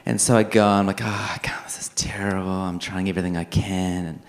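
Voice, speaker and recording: A filmmaker on a festival panel, telling a long story and acting out the other people in it. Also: male voice, low voice, fairly quick. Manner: animated, acts out the other people in his story.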